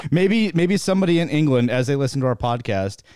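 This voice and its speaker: A man's voice: medium pitch, animated, fast talker, warm tone. A man hosting a podcast in a loose, joking style, with frequent fillers as he introduces guests. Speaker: podcast host. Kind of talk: casual interview chat.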